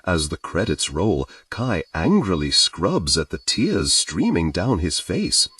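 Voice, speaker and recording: A man with a deep, low voice narrates a first-person audiobook, reading with lively expression. His pitch rises and falls dramatically across every phrase. The recording is dry, with the mic set a little away from him. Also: slow, no echo, distant mic.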